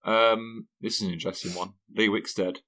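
A man's voice: lowish voice, steady tone, brisk, a bit bright. A man co-hosting a podcast, chatting playfully and quizzing his co-host. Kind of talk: casual chat.

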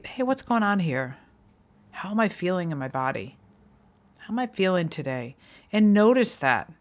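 A middle-aged woman hosting a solo podcast, speaking earnestly and encouragingly to her listeners. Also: lowish voice. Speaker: podcast host. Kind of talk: reflective solo podcast talk.

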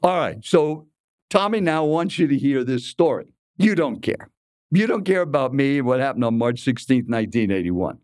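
Male speaker, 80s: lively storyteller, talks straight to the listener, dry close sound. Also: mid-range voice, moderate pace, no echo. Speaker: keynote speaker and speech coach. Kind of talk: storytelling keynote talk.

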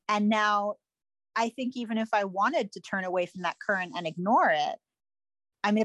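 A woman's voice: mid-range voice, a bit bright, dry recording. Woman guest, wry and musing, loose chatty delivery, dry close sound. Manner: wry, musing, loose talk full of fillers. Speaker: podcast guest. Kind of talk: casual chat.

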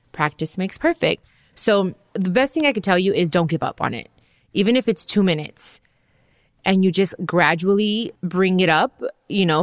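A woman, talking in a casual, candid, chatty way. Her voice sits a little low and the recording is close and dry. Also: no room sound. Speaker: podcast host. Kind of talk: casual spiritual talk.

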